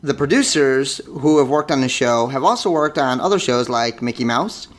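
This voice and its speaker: A man co-hosting a casual geeky podcast, joking around and breaking into goofy sound effects. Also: normal speed. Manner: jokey, bursts into sound effects and high squeals. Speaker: podcast co-host.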